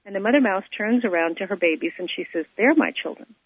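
A woman co-hosting a radio show, telling a teaching story and reflecting on it, with a husky voice and a habit of repeating phrases for emphasis. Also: medium pitch, fast talker, no echo. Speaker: co-host and spiritual teacher. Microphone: telephone. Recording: tinny phone line, dry.

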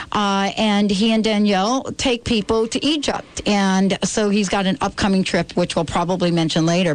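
A woman's voice: mid-range voice, rough recording. A woman hosting a talk radio show in a bubbly, chatty, upbeat way.

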